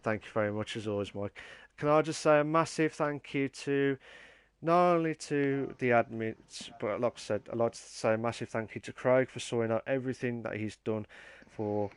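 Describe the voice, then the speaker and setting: A man hosting a live-streamed racing podcast in a smooth, clear voice. He rambles with plenty of ums and restarts and reads viewer comments aloud. The sound is dry and close. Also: medium pitch, normal speed, no room sound. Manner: rambling, lots of fillers and restarts. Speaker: podcast host.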